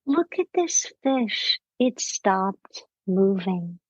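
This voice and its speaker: A woman impersonating a gentle children's TV host. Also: mid-range voice, big pitch swings, breathy edge, no echo, muffled recording, heavily acted. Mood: gently curious. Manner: slow, wondering, gently curious. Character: gentle soft-spoken male children's TV host.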